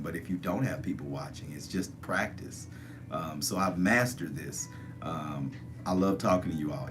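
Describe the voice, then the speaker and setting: A man's voice: low voice, background noise. A man hosting a casual livestream, repeatedly urging viewers to join the chat and give thumbs up. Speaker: livestream host.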